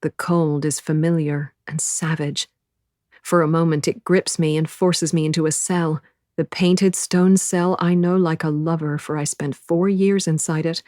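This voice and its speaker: Woman, audiobook narrator, low pitch, intense inner monologue, dry close recording. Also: fairly even intonation, measured pace, darkish tone, no room sound. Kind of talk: first-person novel narration.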